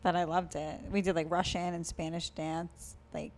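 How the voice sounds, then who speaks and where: A woman in her thirties co-hosting a comedy podcast, chatting casually and teasing, with loud bursts of mock outrage. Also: lowish voice, flat delivery, normal speed, a little hiss or hum. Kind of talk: casual banter.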